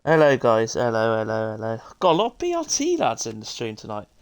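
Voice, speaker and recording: A man's voice: medium pitch, big pitch swings, brisk. A British man hosting a live racing stream, chatting casually and bantering with his viewers before the show starts. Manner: chatty, banters with viewers, greets people constantly. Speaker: stream host and commentator.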